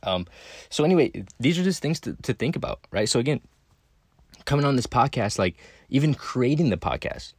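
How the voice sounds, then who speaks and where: A man's voice: mid-range voice, big pitch swings, fairly quick, breathy edge, no echo. A man hosting a podcast, talking casually and bluntly, swearing freely and often tacking on "right?" and "again". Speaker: podcast host. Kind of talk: casual monologue.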